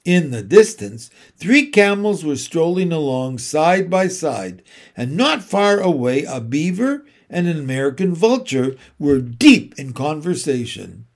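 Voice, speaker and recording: A man reading a children's storybook aloud in an unhurried, expressive way. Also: on the high side. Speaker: audiobook narrator.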